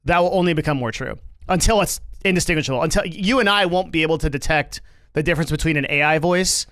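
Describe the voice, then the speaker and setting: Man, stream commentary, rambling, curses, fillers, high-ish crisp voice, dry close mic. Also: fast talker, a bit bright, dry recording. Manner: rambling, swears, lots of fillers and restarts. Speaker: streamer reacting to news.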